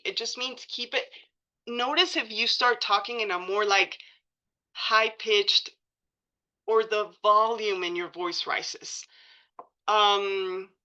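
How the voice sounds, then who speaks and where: Woman trainer at a meeting, bright tone, informal and chatty, muffled room recording. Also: mid-range voice. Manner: casual, many likes and ums, self-correcting. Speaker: presenter at a coalition meeting.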